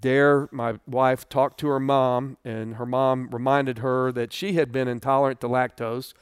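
A middle-aged man teaching a Bible study, telling a personal testimony in an earnest, conversational way that rises with feeling and then drops quiet. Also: little pitch movement, unhurried, clean tone, no echo, clean studio sound. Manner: earnest and conversational, voice swelling then dropping low.

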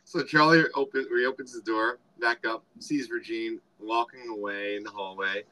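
Very bright-voiced man retelling a film. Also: medium pitch, steady tone, moderate pace, poor audio. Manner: rambling, filler-heavy retelling of scenes. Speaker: podcast co-host. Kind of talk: casual movie review chat.

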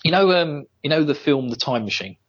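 Casual podcast co-host, male, husky, laughs a lot, muffled headset sound. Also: lively intonation, a little fast. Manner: giggly, acts out quotes in high voices. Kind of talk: casual chat recapping a TV episode. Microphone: Bluetooth headset. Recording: dull lo-fi headset audio.

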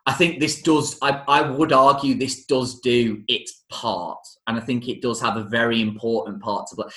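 A man's voice: mid-range voice, bright, forceful tone, roomy sound. A man hosting a casual chat about a film musical, talking enthusiastically with frequent restarts and self-corrections. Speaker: podcast host reviewing a film musical.

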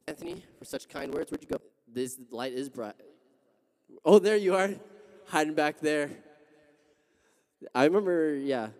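A man's voice: medium pitch, darkish tone, in a large hall. A young man starting a casual sermon, joking and self-deprecating before easing into his point. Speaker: guest preacher.

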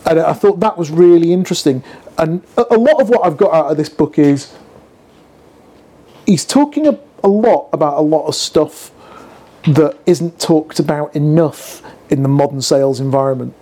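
A man co-hosting a casual chat about sales, talking quickly with asides and acted-out phone calls. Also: on the high side, lively intonation, dark tone. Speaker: podcast co-host.

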